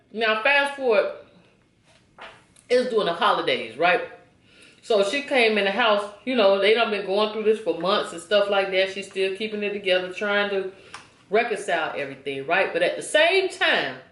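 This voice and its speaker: A woman in her forties telling a story to her viewers in a chatty, animated way, often checking in with them. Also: medium pitch, echoey room. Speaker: vlogger. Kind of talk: casual storytime.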